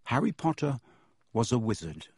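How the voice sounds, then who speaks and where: A man reading an audiobook in measured storytelling narration, close to the mic. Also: medium pitch, big pitch swings, darkish tone, husky, dry recording.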